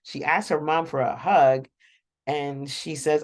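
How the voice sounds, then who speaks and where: A woman's voice: sits low, steady tone, slow pace. A woman hosting a casual, rambling reaction recap of a TV episode, chatting to viewers and laughing often. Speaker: show reaction host.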